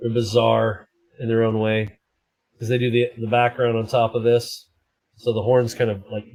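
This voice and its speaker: A man's voice: medium pitch, a little mellow, rough recording. Joking live-streaming man. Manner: joking, rambling, self-deprecating. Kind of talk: casual live-stream chat.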